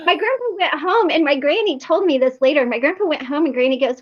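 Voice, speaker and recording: A woman telling a lively personal story in a casual online meeting, full of fillers and acted-out quotes. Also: high voice, fast talker, highs cut off. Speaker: recovery meeting participant. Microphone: video call.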